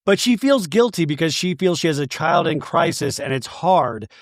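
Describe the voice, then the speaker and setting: On his podcast, a man with a slightly high voice and lively intonation casually recaps a reality show episode at normal speed. He's chatty and self-deprecating, quoting cast members in their own voices, and the recording is dry and studio-clean.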